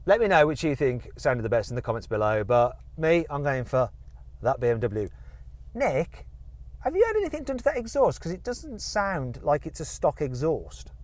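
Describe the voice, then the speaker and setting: A middle-aged man from the West Midlands presenting a car video in a chatty, animated way. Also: mid-range voice, normal speed. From West Midlands, England. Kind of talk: casual presenting to camera.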